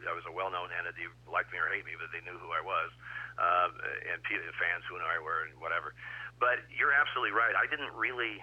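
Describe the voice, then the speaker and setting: Older male guest, very low voice, anecdotal and easygoing, muffled remote audio. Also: slightly rough. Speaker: guest, retired baseball umpire. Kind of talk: casual interview chat.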